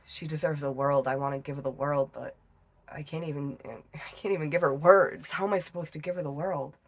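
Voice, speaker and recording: Reader putting on a lovestruck insecure man, self-doubting, swearing, husky voice. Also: medium pitch, steady tone, a little fast, close to an everyday voice. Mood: yearning. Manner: earnest, profane, self-doubting.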